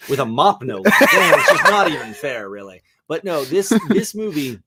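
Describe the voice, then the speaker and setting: A man's voice: a little high, sing-song, normal speed, a loud crowd. A young man hosting a casual movie chat, enthusiastic and rambling, with lots of fillers and restarts. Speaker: podcast host.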